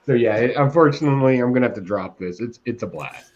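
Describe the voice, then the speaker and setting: Animated ranting man, lo-fi sound. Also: mid-range voice, fast, crowd noise. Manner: animated, ranting, laughs often. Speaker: podcast co-host reviewing comics. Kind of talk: casual chat.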